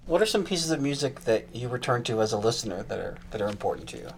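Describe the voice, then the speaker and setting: A man interviewing a guest, asking brisk, curious questions. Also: mid-range voice, very animated, creaky, slight background noise.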